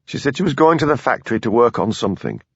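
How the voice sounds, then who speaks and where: A prickly little Yorkshire woman, put on by a male audiobook narrator, clipped and defensive. Her voice sits well above his usual pitch. The recording is dry and slightly dull. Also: animated, quick pace, creaky, husky, dry recording. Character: small sharp-tongued woman designer.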